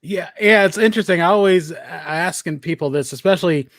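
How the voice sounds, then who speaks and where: A man hosting a live-streamed sports podcast, asking long, rambling questions in a relaxed way. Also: high-pitched, brisk, dry recording, studio quality. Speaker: podcast host.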